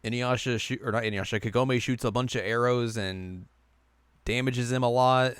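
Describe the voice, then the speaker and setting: A man with a smooth, clear voice at an ordinary pitch talks through an anime episode in relaxed, casual conversation. He now and then slips into quick goofy voices for the characters. The sound is close and dry, with no room around it. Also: no room sound. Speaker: podcast co-host recapping anime. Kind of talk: casual recap chat.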